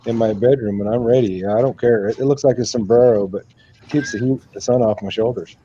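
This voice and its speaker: Mellow-voiced man on a lo-fi stream. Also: mid-range voice, brisk. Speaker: guest lawn care worker. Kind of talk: casual live-stream chat. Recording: dull lo-fi audio with faint noise.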